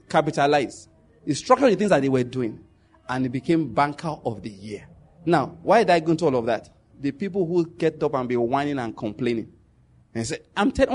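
Husky Nigerian man telling stories. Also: a little high. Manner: animated, laughs while telling stories, jumps into pidgin quotes. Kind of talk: casual storytelling monologue.

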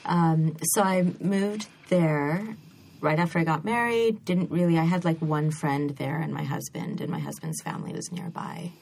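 Low, husky American woman. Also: big pitch swings, normal speed, a little mellow. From United States. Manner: conversational, with frequent ums and restarts. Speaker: guest novelist. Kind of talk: casual interview chat.

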